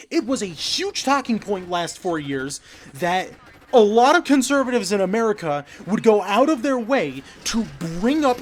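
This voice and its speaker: A man's voice: sits high, a little hiss or hum. A man giving a direct-to-camera political rant, profane, emphatic and hectoring. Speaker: political commentator.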